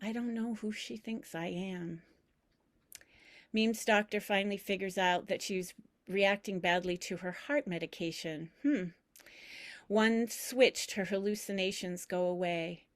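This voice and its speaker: A woman reading aloud from her personal memoir, measured and reflective, with deliberate pauses. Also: medium pitch, steady tone, dry recording, clean studio sound. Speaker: memoir reader.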